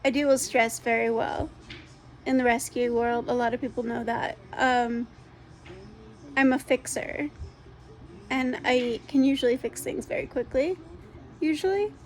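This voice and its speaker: A woman's voice: fairly high pitch, flat delivery, a little slow, pauses often. A woman who runs a dog rescue gives a casual spoken update from home into a phone camera. She sounds congested and rambles with lots of ums and restarts.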